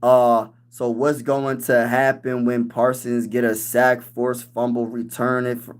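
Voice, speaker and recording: A man hosting a casual sports livestream, hyped and animated as he reads and answers chat with fan trash talk. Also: medium pitch, unhurried.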